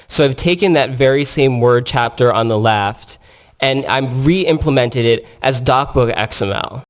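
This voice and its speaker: A man giving a technical conference presentation, explaining in an earnest way with frequent restarts and fillers. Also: medium pitch. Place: conference room.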